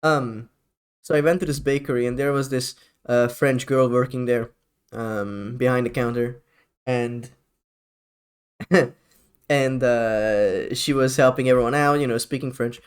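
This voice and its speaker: A man's voice: medium pitch, fairly even intonation, a little slow, clean tone. A man streaming live, chatting casually in a rambling, profane way with frequent laughs.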